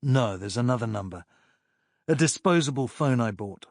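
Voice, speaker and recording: A man voicing a steady policeman who speaks in a measured, slightly pompous way. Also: mid-range voice, dry recording, studio quality. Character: calm steady country policeman.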